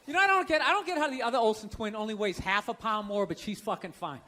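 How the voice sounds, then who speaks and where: A man's voice: high voice, fast talker. A man from the United States doing a stand-up routine, sarcastic and profane, with mock glee at others' bad luck. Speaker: stand-up comedian. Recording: live set, loud crowd noise.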